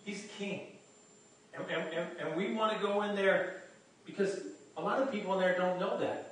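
A male pastor preaching a sermon to his congregation in an animated way, often repeating words as he restarts. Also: high voice, moderate pace. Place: church hall. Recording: echoey hall from far off, faint noise.

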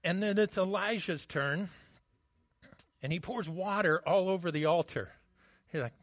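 High-voiced, bright-toned preacher man. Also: normal speed, no room sound, dull audio. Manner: conversational, self-mocking humor, frequent restarts. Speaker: pastor. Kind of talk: sermon.

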